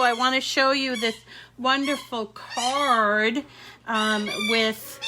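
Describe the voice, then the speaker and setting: A middle-aged crafting channel host chats casually on a live stream from her home craft room, where dogs and a squeaky toy can be heard. She rambles with plenty of fillers in a slightly high voice, with background noise.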